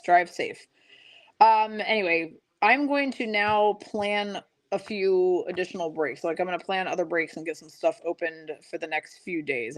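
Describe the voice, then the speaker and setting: A woman's voice: on the low side, no room sound. A woman hosting a live card-opening stream, chatting casually, reading viewer comments aloud and laughing often.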